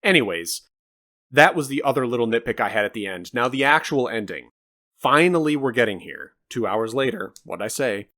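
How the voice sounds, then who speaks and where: A man co-hosting a podcast, chatting casually about a film in an animated, rambling way with some swearing. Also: mid-range voice, fairly quick. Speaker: podcast co-host. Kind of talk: casual film review chat.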